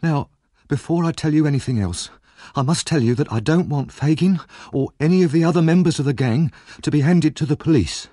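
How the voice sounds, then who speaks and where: A man's voice: fairly high pitch, fairly quick, mellow, dry recording, clean studio sound, voice pushed up, close to an everyday voice. A man voicing a frightened young woman from a thieves' gang in an audiobook, speaking in an urgent, fearful way. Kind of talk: audiobook character voice.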